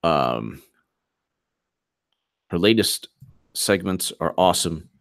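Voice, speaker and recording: A man hosting a live political commentary stream, talking fast and animated, repeating himself and mocking opponents. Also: low-pitched, creaky. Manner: animated, repetitive, mocking quoted voices.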